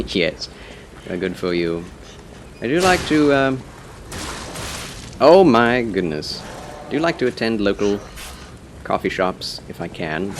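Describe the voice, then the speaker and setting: Chatty low-voiced male game streamer. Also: background noise. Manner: chatty, answers chat, playful and polite; frequent laughs and muttered asides. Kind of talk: casual live game commentary.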